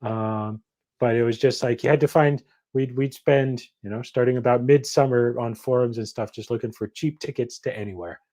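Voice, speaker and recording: A man's voice: medium pitch, fairly even intonation, normal speed, mellow. Dry-joking man in casual chat. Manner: dry, joking, rambling asides.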